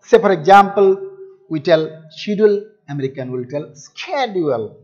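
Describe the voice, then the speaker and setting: A man's voice: a little high, moderate pace. A man teaching a textbook chapter, repeating words and answering his own questions. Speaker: English teacher. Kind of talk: classroom lesson explaining a textbook. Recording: dull lo-fi recording.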